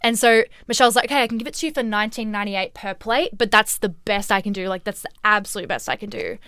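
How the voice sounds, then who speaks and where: A woman's voice: medium pitch, quick pace, clean tone, dry recording, studio quality. A young woman, co-hosting a casual chat podcast, telling a work story with lots of acted-out quotes and swearing. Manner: animated storyteller, acts out quotes, swears freely. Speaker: podcast co-host.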